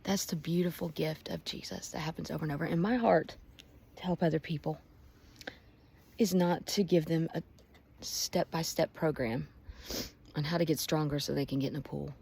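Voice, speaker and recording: A woman's voice: low voice, fairly even intonation, normal speed, vocal fry, pauses often, darkish tone, breathy edge. A woman gives a heartfelt devotional talk, close to tears and dropping to near whispers. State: emotional, close to crying. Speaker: Christian vlogger.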